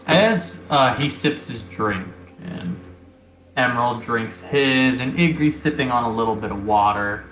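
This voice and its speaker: A man narrating as game master of a tabletop game, descriptive and halting with many pauses. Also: medium pitch, fairly bright tone. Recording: roomy recording, faint music.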